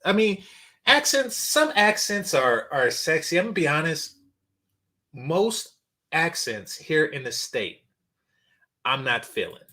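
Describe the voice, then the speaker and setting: A man's voice: a little high, sing-song, takes it slowly, pauses often, bright, forceful tone. A man hosting a casual reaction commentary channel, talking bluntly with lots of fillers and restarts. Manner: blunt, rambling, frequent fillers.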